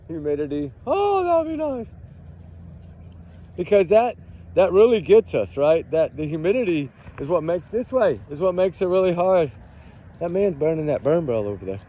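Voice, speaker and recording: A man with a Texan accent, chatting casually outdoors in a rambling way that drifts off topic, heard through a tinny, phone-like recording. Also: fairly high pitch. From Texas. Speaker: vlogger. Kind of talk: casual chat.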